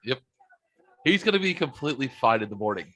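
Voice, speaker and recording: A man's voice: medium pitch, big pitch swings, brisk, fairly bright tone. A man in his forties trading joking, profane banter in a casual chat.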